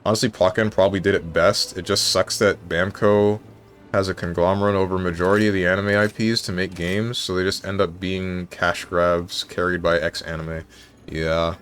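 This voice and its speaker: A man's voice: low-pitched, level tone, normal speed, a bit bright, soft background music. A male streamer chatting casually on a live stream, thinking aloud and correcting himself as he goes.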